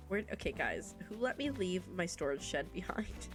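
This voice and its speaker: A woman's voice: lowish voice, big pitch swings, moderate pace, few pauses, soft background music. Chatty Canadian woman streaming a game. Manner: chatty, rambling, reads chat aloud, laughs often. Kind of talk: casual chat while playing a game.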